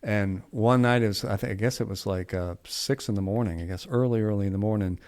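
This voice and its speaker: A middle-aged podcast co-host with a lowish, darkish voice speaks briskly. He tells a story in a loose, rambling way, restarting often and tossing in folksy asides.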